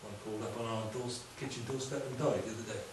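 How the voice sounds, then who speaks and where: A man from Wales preaching a sermon in a lively, conversational way with quick humorous asides. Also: mid-range voice. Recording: echoey hall, distant from mic, faint room noise.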